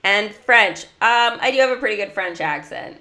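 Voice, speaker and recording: A woman's voice: mid-range voice, expressive, moderate pace, bright, forceful tone. A woman chatting casually during a mobile game livestream, giggling often and answering her viewers' chat.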